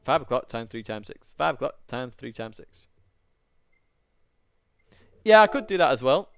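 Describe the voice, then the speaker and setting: A man's voice: mid-range voice, very animated, normal speed, creaky, a bit bright, smooth, no echo. A man with a Northern English accent chatting casually on a live stream as he races, joking and greeting viewers by name. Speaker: sim racing streamer. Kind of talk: casual live-stream chat while racing.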